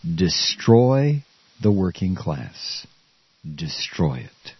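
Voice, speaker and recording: Furious stammering radio host. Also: male voice, low-pitched, very animated, drawn-out words, husky, no room sound, muffled recording. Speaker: radio talk show host. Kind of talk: angry political rant.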